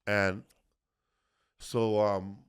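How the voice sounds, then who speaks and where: A man's voice: lowish voice, level tone, extremely slow, clear, resonant tone. A man hosting a comedy history podcast in casual chat, rambling with lots of fillers, restarts and swearing. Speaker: podcast host.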